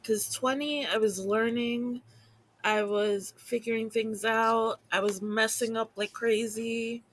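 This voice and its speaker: A woman in her thirties, a podcast co-host chatting in a relaxed, upbeat way with lots of fillers. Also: on the high side, slow pace. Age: 30s. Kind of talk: casual chat.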